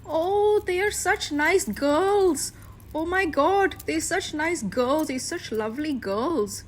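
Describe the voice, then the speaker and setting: A chorus of easily fooled middle-aged aunties, put on by a woman in a high, sing-song gush, heaping praise in a sweet, fawning lilt. The pitch jumps well above her own voice and swoops as she fawns. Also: lively intonation, slow, a little hiss or hum.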